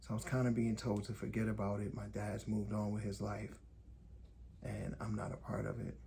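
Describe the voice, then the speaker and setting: A man from Indiana hosting a podcast, telling a personal story in calm, deliberate, short measured phrases. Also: fairly low pitch, creaky, a little hiss or hum. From Gary, Indiana, USA. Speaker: podcast host. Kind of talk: reflective personal storytelling monologue.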